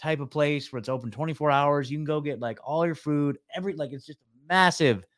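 A man's voice: fairly high pitch, fast, no room sound, clean studio sound. A man from the US West Coast hosting a podcast call-in show, chatting casually and calling people man and dude.

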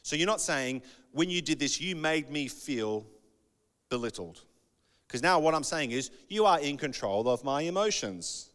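A man preaching a sermon in a conversational, animated way, acting out bits of dialogue. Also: on the high side, moderate pace. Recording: long hall reverb.

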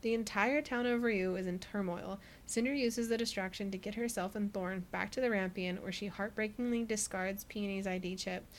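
A woman's voice: medium pitch, steady tone, normal speed, few pauses, slight background noise. A woman co-hosting a podcast, recapping a book in a casual chat, who laughs often and says "like" a lot. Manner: chatty, laughs often, many "like" fillers. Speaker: podcast co-host.

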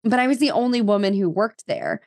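A woman's voice: medium pitch, sing-song, brisk, a little mellow, dry recording, studio quality. A woman in her thirties from New Jersey, a podcast guest telling her story in casual chat full of fillers and quoted dialogue.

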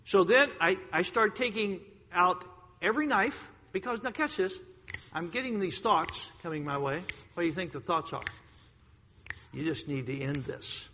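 A man preaching a sermon to a congregation, telling a personal story emphatically, swinging between loud outbursts and hushed lines. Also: sits high, animated, moderate pace, a little hiss or hum. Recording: long hall reverb.

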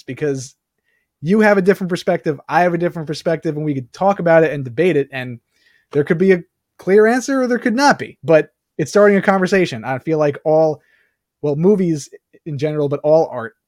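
A man's voice: a little high, no room sound. Man talking movies in a dry close-mic sound. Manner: animated, quick bursts with many fillers. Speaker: podcast co-host. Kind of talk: casual movie review chat.

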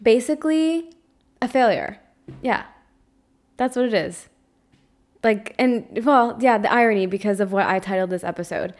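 Her fairly high voice moves at normal speed with frequent pauses. She's a young spiritual coach giving a candid solo monologue on her podcast, emotionally open about her fears, hunting for words and swearing freely.

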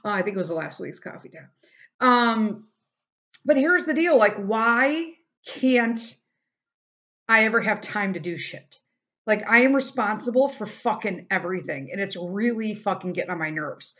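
A woman's voice: mid-range voice, expressive, moderate pace, fairly bright tone. Profane venting woman, lo-fi podcast. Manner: blunt and profane, venting with frequent swearing. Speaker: podcast host. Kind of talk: casual solo podcast rant.

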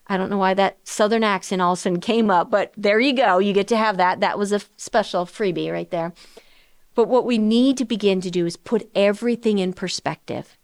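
A middle-aged woman hosting a financial planning show, talking in a chatty, animated way with rhetorical questions. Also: medium pitch, brisk, clean tone, no echo, clean studio sound. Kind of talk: conversational radio-style finance talk.

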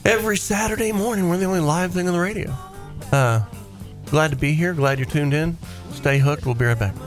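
A man hosting a weekend radio show, telling stories in a chatty, animated way and laughing easily. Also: fairly high pitch, a little fast, faint music behind. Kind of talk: casual on-air storytelling.

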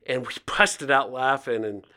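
This guest, a man in his fifties from Ohio in the United States, talks about faith and poverty in a conversational interview. He has a medium-pitched, slightly bright voice, speaks unhurriedly, and voices the people he quotes as he tells his stories.

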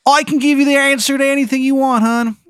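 A chatty, rambling male spirit with a deliberately bad Maryland accent, pitched way up and nasal. He sounds chummy and eager to please and calls the listener hun. He talks in a dry, close voice with no room echo. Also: steady tone, fairly bright tone. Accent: bad Maryland accent, put on.

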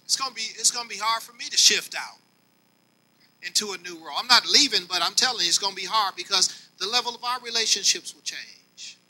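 A man preaching to his congregation as their longtime bishop, swinging between quiet and loud and speaking to them directly. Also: high-pitched, a little fast, rough recording. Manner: folksy, talks directly to the congregation. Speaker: pastor. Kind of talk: sermon.

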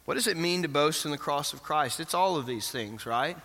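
A pastor leads an interactive sermon in a church sanctuary, asking the congregation questions and affirming their answers. His fairly high voice is expressive, brisk, and sharp in tone, and the hall is reverberant.

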